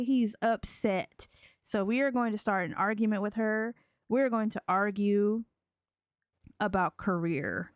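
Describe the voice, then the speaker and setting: Slow, giggly woman narrating a sim game. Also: medium pitch, smooth, no room sound, studio quality. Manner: chatty, giggly, slow drawl. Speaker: let's play creator. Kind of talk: casual game commentary.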